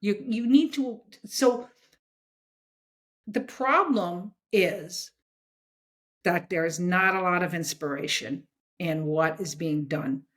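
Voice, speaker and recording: A woman in her sixties, a guest in an interview, talking in an animated, emphatic way and checking her points with "okay?". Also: on the low side, takes it slowly, pauses often. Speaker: guest, comics editor. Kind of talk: casual interview chat.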